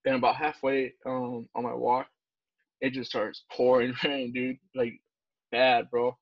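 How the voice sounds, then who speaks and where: Husky rambling man, dull dry sound. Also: medium pitch, monotone, a little slow, no room sound. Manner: rambling, many fillers and swears, says dude and bro. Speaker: podcast co-host, Navy corpsman. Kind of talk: casual profane storytelling chat. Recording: dull, dry podcast recording.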